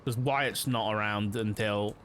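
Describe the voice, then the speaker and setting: He's a young male streamer acting as a police officer in a roleplay game, speaking at a measured pace with fairly even intonation. His voice is on the low side and a bit bright, the chatter loose, rambling and packed with fillers and "like," over a faint hiss.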